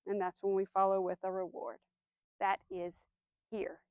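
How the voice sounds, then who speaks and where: A woman dog trainer giving a demonstration outdoors, explaining steps clearly, giving firm commands and soft praise to the dog. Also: mid-range voice, completely flat delivery, moderate pace, no echo, muffled recording.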